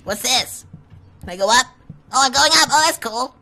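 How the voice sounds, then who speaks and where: High bright young woman gamer. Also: lively intonation, moderate pace, slight background noise, poor audio. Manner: jumpy, easily startled, shrieks when scared. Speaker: gaming channel host. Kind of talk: let's play commentary. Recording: faint game music behind. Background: game music.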